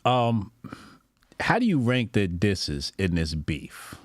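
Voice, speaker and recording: A man interviewing a guest, asking calm, steady questions in casual conversation. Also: lowish voice, slow, no echo, clean studio sound.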